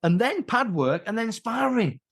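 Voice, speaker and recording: A man, an interview guest telling rambling, animated stories in casual chat. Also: extremely high pitch, moderate pace, gravelly. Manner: animated, rambling, many restarts.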